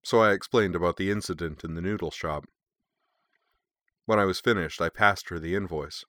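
A man's voice: sits low, moderate pace, a bit bright, dry recording, clean studio sound. A man narrating a first-person audiobook in a wry, sardonic tone.

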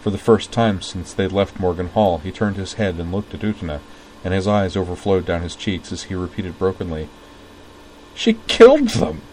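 A man narrating a story aloud at a measured, steady pace. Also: low voice, slight background noise, poor audio.

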